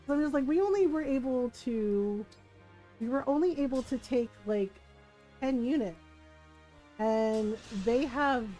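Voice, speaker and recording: A woman with a high voice chats casually while streaming a game, telling stories and laughing often. She slips into quick impressions of her family as she talks. Soft game music plays faintly behind her. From Filipino family. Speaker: gaming streamer. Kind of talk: casual storytelling while gaming.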